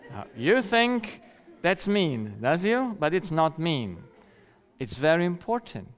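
With a fairly high, sing-song voice, a middle-aged rural man takes his sermon slowly. He shares a personal story, acting out quoted voices and laughing frequently, while a long hall reverb trails behind him.

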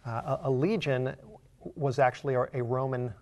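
A man teaching a Bible study, who reads scripture slowly and asks the listener earnest questions. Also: medium pitch, steady tone, a little mellow. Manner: earnest, slows down to read scripture aloud.

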